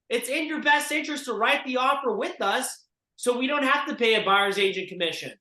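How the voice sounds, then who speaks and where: In an echoey room, a man with a high, bright voice coaches a group of real estate agents at a normal pace. He's emphatic and forceful, repeatedly urging his listeners to act.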